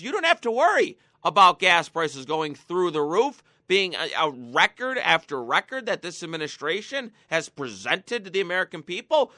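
Sarcastic high-voiced ranting man. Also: bright, forceful tone, dry recording, clean studio sound. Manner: sarcastic, mocking, fired-up ranting. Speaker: talk show host. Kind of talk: political commentary.

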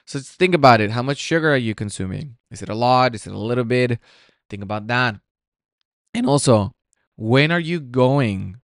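A man's voice: on the high side, smooth, no room sound, clean studio sound. A man hosting a solo podcast, talking reflectively and asking his listeners many questions. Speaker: podcast host.

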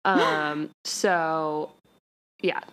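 Woman, podcast co-host, casual recap, rambling, fillers, lowish voice. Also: steady tone, drawn-out words, a bit bright, clean tone. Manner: rambling, heavy use of "like". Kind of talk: casual chat recapping a TV episode.

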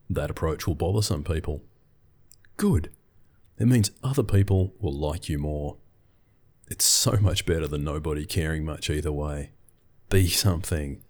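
Very deep-voiced man, wry. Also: normal speed, darkish tone. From Australia. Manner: dry, wry storyteller. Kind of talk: scripted storytelling monologue.

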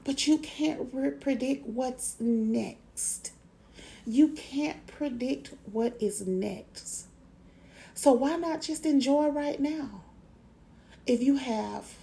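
A middle-aged woman hosts a motivational podcast, with a gravelly voice that sits a little high. She talks slowly and gently, and she repeats her affirmations in a deliberate, encouraging way. Her tone is mellow and soft. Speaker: podcast host.

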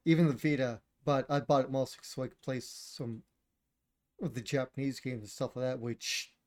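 A man's voice: mid-range voice, steady tone, normal speed, a little mellow. A man co-hosting a casual chat about video games, blunt and opinionated, swearing and laughing often.

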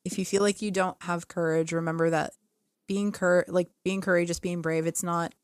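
A woman co-hosts a podcast with a slightly low voice. She talks in a relaxed, casual way. The recording is dry and close. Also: normal speed, dry recording. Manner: relaxed, agreeable, casual slang. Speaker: podcast co-host. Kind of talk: casual chat.

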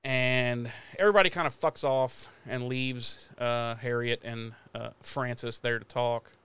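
A man's voice: mid-range voice, steady tone, a little slow, fairly bright tone, clear, resonant tone, dry recording. A man co-hosting a podcast, recapping an episode in casual chat, laughing often and swearing while acting out the characters' lines. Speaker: podcast co-host.

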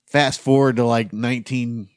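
A man in his thirties tells a rambling school story to his friends, cursing often and slipping into the voices of the people he quotes. His voice sits at an ordinary middle pitch. The sound is dry and close, with no room around it. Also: normal speed, smooth, no room sound. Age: 30s. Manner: profane, animated storyteller acting out quotes. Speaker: podcast host. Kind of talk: casual storytelling among friends.

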